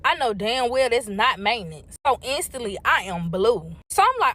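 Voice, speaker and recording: A woman's voice: on the high side, big pitch swings, normal speed, few pauses, sharp tone. A young woman casually telling a personal story to her viewers, blunt and full of swearing, calling them y'all. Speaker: storytime vlogger.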